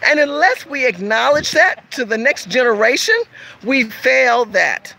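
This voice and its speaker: A woman's voice: high-pitched, big pitch swings, a little slow, vocal fry, sharp tone, slight background noise, poor audio. A woman from California hosting a casual livestream, talking emphatically and repetitively straight to her viewers as she reads their comments.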